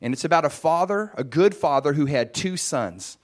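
Animated male preacher telling a story. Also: a little high, normal speed. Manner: lively, animated retelling with many fillers. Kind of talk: sermon storytelling.

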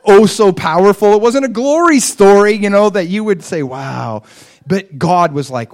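Animated man preaching with lively pitch. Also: moderate pace. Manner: animated storytelling, acting out his own inner voice. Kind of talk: sermon.

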